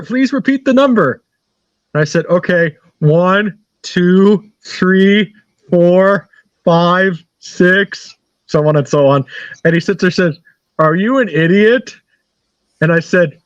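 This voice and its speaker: A man talking as an interview guest, rambling through anecdotes and repeating himself as he laughs along. His voice sits a bit high, and the recording is dull, lo-fi and dry with no room sound. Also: no echo. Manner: rambling, repeats phrases, laughs at own stories. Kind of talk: casual storytelling.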